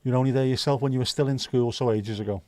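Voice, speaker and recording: A man's voice: mid-range voice, fairly even intonation, fast, a little mellow, no echo. A man hosting a livestream, chatting casually with viewers and teasing them. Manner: joking, teasing, chatty banter. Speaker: livestream host.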